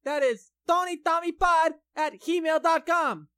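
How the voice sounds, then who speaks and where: Woman co-host, comedy podcast; very high voice, brash and boastful. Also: a little slow, fairly bright tone. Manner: brash boastful banter, over-the-top. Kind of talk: mock trash-talk comedy podcast.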